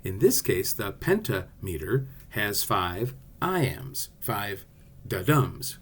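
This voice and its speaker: In this class video, a man explains poetic rhythm in a playful, lively way, singing out rhythm syllables as he sounds out beats. His voice sits on the low side, slow and husky.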